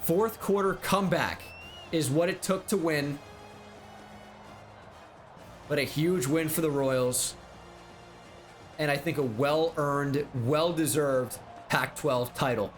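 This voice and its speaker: A man's voice: on the high side, soft background music. Man casually recapping game stats. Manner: recaps stats in a quick, offhand way. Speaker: gaming YouTuber. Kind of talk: casual video game commentary.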